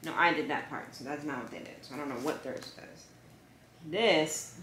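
A woman's voice: sits low, moderate pace, slight background noise. Young female vlogger, casual and chatty, echoey home room. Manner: chatty, coaxing softly with her dog. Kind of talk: casual chat to camera.

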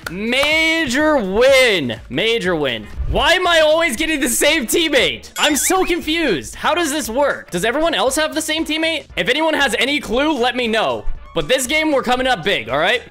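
High-pitched excitable gaming commentator. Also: male voice, moderate pace, hardly any pauses, faint music behind. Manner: excitable, yelling at teammates. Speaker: gaming YouTuber. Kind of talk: gameplay commentary.

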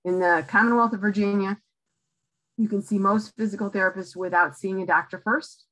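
A woman's voice: mid-range voice, steady tone, moderate pace, fairly bright tone, rough recording. A woman giving a public library talk, coaching listeners directly in short emphatic phrases and often checking in with "okay?". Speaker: lecturer on aging in place.

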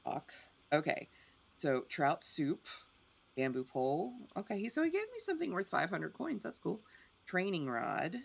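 Chatty gamer woman, talks to herself a lot, gravelly voice, pitch all over the place. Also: normal speed. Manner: chatty, self-deprecating, excitable. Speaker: streamer. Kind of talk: casual game commentary.

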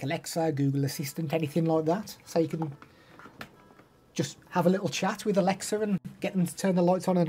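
A man's voice: on the high side, warm tone, slightly rough. A young man chatting casually on a live stream, rambling and answering chat messages.

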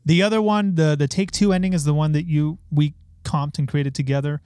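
A man's voice: a little high, steady tone, brisk, dark tone, a little hiss or hum. A man hosting a live-streamed recording session, talking casually and self-deprecatingly with many fillers and restarts. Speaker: recording engineer and host. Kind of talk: casual studio chat over a live stream. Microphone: studio microphone.

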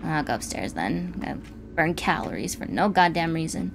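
A woman's voice: sits low, big pitch swings, a little fast, vocal fry, over music. A woman commenting casually while playing a game, swearing and squealing when startled. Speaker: gaming streamer. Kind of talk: casual let's-play commentary.

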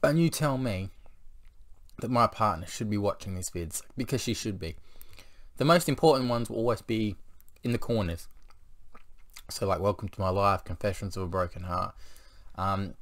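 A man's voice: lowish voice, moderate pace, long pauses. A man in his thirties venting in a confessional vlog, rambling, blunt and full of swearing. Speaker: vlogger.

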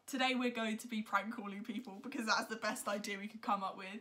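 A woman's voice: medium pitch, fairly even intonation, quick pace, sharp tone, slight background noise. A young woman hosting a casual vlog at home, giggling often and swearing casually. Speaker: vlog host. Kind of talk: casual chat.

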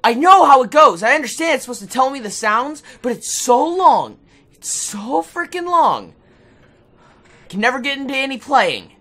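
A woman's voice: high-pitched, sing-song, normal speed, a bit bright, poor audio. A young adult woman giving let's play commentary, frustrated and exclaiming often. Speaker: gaming video host.

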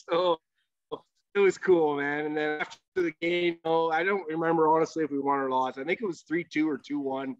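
Here a man with a fairly high, fairly even voice talks at a brisk clip, recounting a rambling story from his goalie days while swearing freely and stuffing in fillers. He's a podcast guest, captured in a dry, dull lo-fi recording.

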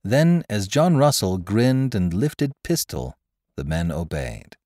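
A man narrating an adventure story in a dramatic, expressive reading. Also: fairly low pitch, slow pace, no room sound, clean studio sound. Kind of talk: audiobook narration.

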